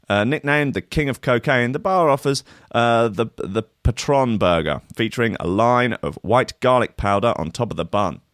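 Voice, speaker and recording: A man's voice: medium pitch, moderate pace, few pauses, fairly bright tone, dry recording, studio quality. A man hosting a show, reading out a news story and mocking it with sarcastic, swearing asides. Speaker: radio show host. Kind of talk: casual comedic news chat.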